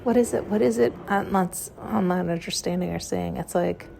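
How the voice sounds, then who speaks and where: A woman's voice: fairly low pitch, moderate pace, gravelly, a little mellow, slight background noise. A woman hosting a podcast, talking in a rambling, frank and profane monologue. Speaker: podcast host. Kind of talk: casual intuitive monologue.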